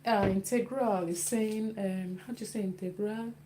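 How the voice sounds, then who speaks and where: A woman's voice: mid-range voice, fairly even intonation, normal speed, dark tone. A woman chatting through a cooking demonstration in her home kitchen, repeating phrases as she works. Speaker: cooking vlogger. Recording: noisy kitchen with clicks.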